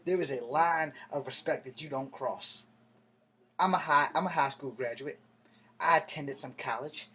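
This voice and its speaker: A man in his thirties vents straight to his audience, wandering off track as he talks. His delivery is profane and fired up, with a voice of middling pitch. A faint hiss sits under the recording. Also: a bit bright. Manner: profane, heated, digressive street talk. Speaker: vlogger. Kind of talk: casual rambling storytelling to camera.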